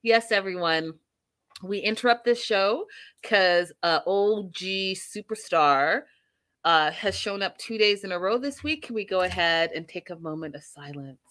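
A young woman hosting a casual live stream, recapping a reality show in a bubbly, giggly, animated way. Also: mid-range voice, unhurried.

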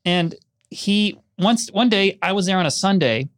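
A middle-aged man, a filmmaker guest in an interview, telling anecdotes in a relaxed conversational way and acting out quoted voices. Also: sits high, unhurried, dry recording, clean studio sound. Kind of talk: conversational storytelling.

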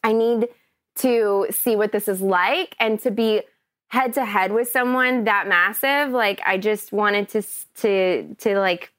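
An actress guest telling an animated story in casual podcast chat, with lots of fillers, recorded close and dry. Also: female voice, medium pitch, a little slow, no echo. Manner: animated, chatty, many fillers.

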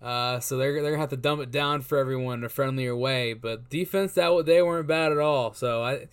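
A man's voice: medium pitch, brisk, clear, resonant tone. A man co-hosting a casual sports chat, rambling and repeating words as he works out his guesses. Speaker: co-host.

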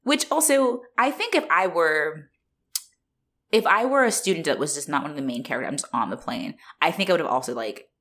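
Young woman co-host, low-ish voice with a lively swing, cursing and laughing through a film recap. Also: a little fast. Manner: profane, animated, laughs often. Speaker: podcast co-host. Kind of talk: casual movie recap chat.

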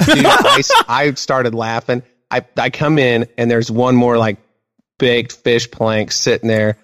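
A man in his thirties telling a story on a podcast, animated and mimicking a child in a high voice. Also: unhurried. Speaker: podcast co-host. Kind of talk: casual storytelling chat.

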